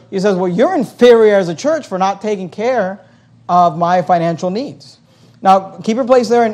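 A man preaching a sermon from the pulpit, reading scripture aloud and then paraphrasing it with a sarcastic, animated delivery. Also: high voice. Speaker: pastor.

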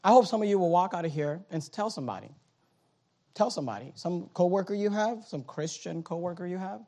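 A high-voiced male pastor preaching in a church. He drops low and quiet, then climbs into loud, urgent exhortation, repeating his phrases and stumbling over restarts. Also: expressive, quick pace. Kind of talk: sermon.

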